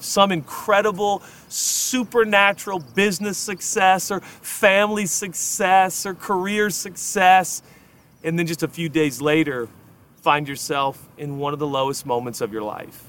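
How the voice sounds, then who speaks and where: A young adult man, a pastor delivering a sermon in a conversational, emphatic way, swinging between hushed asides and loud stresses. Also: on the high side, measured pace.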